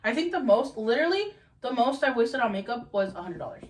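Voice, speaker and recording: A 21-year-old woman hosting a casual podcast, telling stories in an animated way and swearing freely. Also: fairly high pitch, a little fast, a little hiss or hum. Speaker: podcast host.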